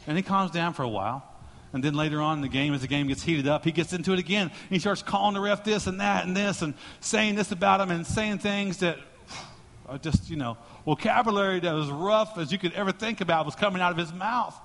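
A male pastor preaching a sermon and telling a joking, animated story to his congregation. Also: high voice, a little fast, long reverb tail.

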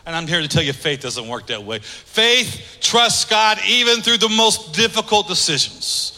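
A man preaching a sermon as pastor, emphatic, swinging between loud declarations and hushed asides. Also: sits high, expressive, a little slow. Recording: long reverb of a large hall.

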